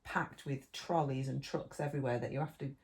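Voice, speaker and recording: A woman's voice: extremely low pitch, steady tone, fairly quick, darkish tone. A middle-aged woman, co-hosting a podcast in casual chat, rambling through long lists and restarting her sentences. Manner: rambling, listy, restarts mid-thought. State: eating while talking. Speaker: podcast co-host.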